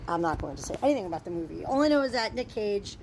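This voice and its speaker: A young woman, chatty and rambling as she tells a story, swearing freely and getting animated as she goes. Her voice sits at an ordinary middle pitch, with faint noise behind it. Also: very fast. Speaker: storyteller vlogger. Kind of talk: casual storytime vlog.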